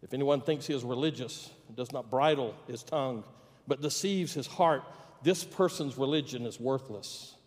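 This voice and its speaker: A man's voice: mid-range voice, normal speed, darkish tone. A man preaching a sermon as pastor, telling a story with humor and acting out the voices in it. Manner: storytelling, plays out quoted voices with jokes. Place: church sanctuary. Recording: long reverb of a church hall.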